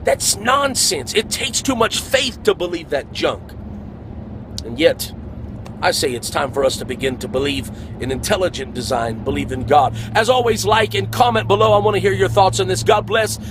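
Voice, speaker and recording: A man's voice: on the high side, lively intonation, normal speed, noisy background. A man giving an earnest, preachy monologue for an online video.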